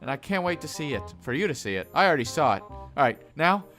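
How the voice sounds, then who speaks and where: A man spinning a comedic story straight to camera, animated and quick to slip into other characters' voices. His voice sits high and bright and cuts through. Faint music runs quietly underneath. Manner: animated, acts out every character.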